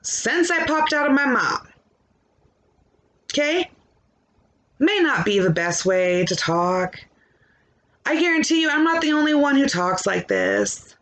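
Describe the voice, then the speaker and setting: A woman's voice: high voice, sing-song, measured pace, pauses often, fairly bright tone. A young adult woman podcast host ranting into her microphone, blunt, defiant and full of swearing. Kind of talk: ranting monologue.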